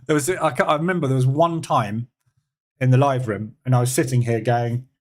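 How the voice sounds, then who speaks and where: A man's voice: medium pitch, fairly quick. A man with a British accent hosting a live trading room, chatting casually and sarcastically while answering viewer comments. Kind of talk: casual live-stream chat.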